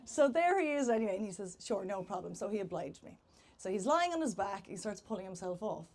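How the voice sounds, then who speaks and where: A woman's voice: mid-range voice, big pitch swings, brisk, a little mellow. A young Irish woman with an Irish accent, telling a comic dating story live on stage in a chatty, self-deprecating way. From Ireland.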